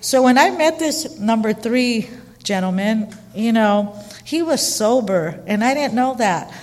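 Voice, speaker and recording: A middle-aged woman candidly telling her own life story, chatty and animated with lots of fillers. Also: a little high, measured pace. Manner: chatty and animated, frequent fillers and quoted dialogue. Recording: long reverberant hall.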